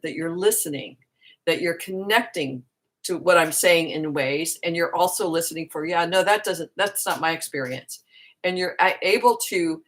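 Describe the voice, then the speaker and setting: A woman spiritual teacher giving a reflective talk to camera, earnest and musing, often circling back on her words. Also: deep voice.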